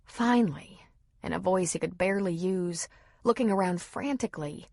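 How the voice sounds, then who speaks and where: A woman reading a novel aloud in steady, measured scripted narration. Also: on the low side, gravelly, dry recording, studio quality. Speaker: audiobook narrator.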